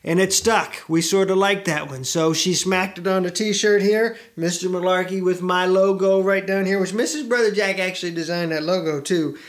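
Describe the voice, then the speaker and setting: A middle-aged man from the United States talks straight to the camera in a loose, wandering way, full of fillers and side stories. His voice sits slightly higher than most men's, and he pokes fun at himself as he goes. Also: fairly even intonation, moderate pace, hardly any pauses. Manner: chatty, self-deprecating, digressive with many fillers. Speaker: show host and musician. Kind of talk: rambling casual storytelling to camera.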